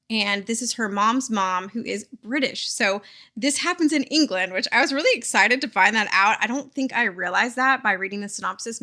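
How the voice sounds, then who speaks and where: A woman's voice: medium pitch, bright, forceful tone. A woman in her thirties, chatting casually and giggling as she recaps a book while she crochets at home. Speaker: crochet vlogger.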